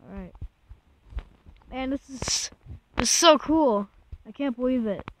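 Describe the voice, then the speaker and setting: Woman gamer, high-ish, bright tone, slow talker; skittish, exclaims often, rambles in casual commentary. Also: animated, a little hiss or hum. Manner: jumpy, keeps exclaiming in fright; rambling, restarts sentences. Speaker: gaming channel host.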